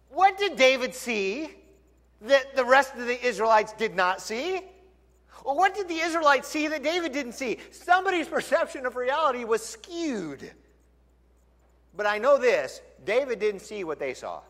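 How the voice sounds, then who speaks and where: A male pastor preaching a sermon in a lively, conversational storytelling way, in a church sanctuary. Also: very high voice, measured pace. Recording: long church hall reverb.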